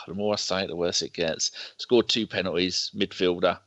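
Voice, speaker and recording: A man's voice: low-pitched, steady tone, moderate pace, a bit bright, no room sound. A man rambling through football injury news and scores on a casual podcast, swearing as he reads. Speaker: podcast panelist. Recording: dull dry lo-fi call audio.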